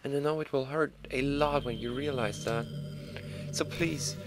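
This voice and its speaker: A man voicing a sad, pleading young woman from a video game, speaking softly and hurt. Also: mid-range voice, normal speed, over music, natural voice.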